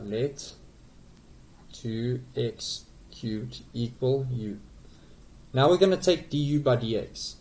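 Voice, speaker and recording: A man's voice: medium pitch, darkish tone, poor audio. A man tutoring calculus, explaining step by step in a patient way with frequent okays and small self-corrections. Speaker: math tutor.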